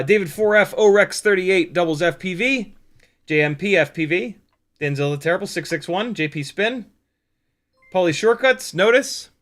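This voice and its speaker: Guy hosting a live stream, bright slightly high voice, jokey, swears a lot. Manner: joking, animated, swears freely. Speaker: livestream host. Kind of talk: casual live-stream chat.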